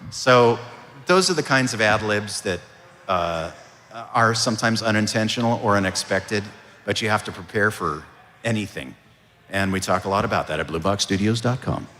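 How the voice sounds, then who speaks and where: Man, voice actor, convention Q&A, low-ish voice, bright tone, long hall reverb. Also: moderate pace, slight background noise. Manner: relaxed storytelling with fillers. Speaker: voice actor answering audience questions. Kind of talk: convention panel Q&A.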